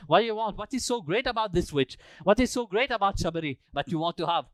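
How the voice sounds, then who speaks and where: A man's voice: high-pitched, lively intonation, fast talker, a bit bright, dry recording, pitched above the performer's own voice. A man voicing a group of proud male priests who question things in an indignant, incredulous way. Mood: scornful.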